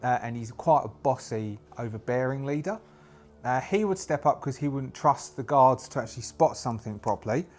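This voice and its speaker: A man's voice: medium pitch, moderate pace, a little mellow. Rambling man narrating a solo tabletop game. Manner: rambling, thinking aloud with many restarts.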